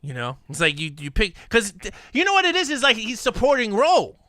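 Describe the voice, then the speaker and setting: A man's voice: very high voice, huge pitch swings, fairly quick, bright, forceful tone, no echo, clean studio sound. A man hosting a casual film chat podcast, playful and joking, laughing often. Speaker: podcast host.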